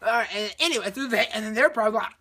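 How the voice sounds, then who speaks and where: A man's voice: high-pitched, racing, background noise. A male vlogger retelling a movie in a rambling, repetitive way, acting out scenes with sound effects.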